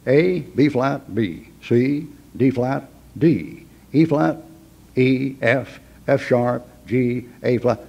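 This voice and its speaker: A man's voice: mid-range voice, takes it slowly, gravelly, mellow, muffled recording. A man teaching a Bible class in a folksy, emphatic way, with chuckling asides.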